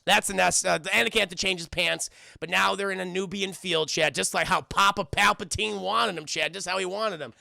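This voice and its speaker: A man streaming a crude, excitable film review, talking to his chat and laughing often. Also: high-pitched, fairly quick, creaky, no echo, studio quality. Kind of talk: casual livestream commentary.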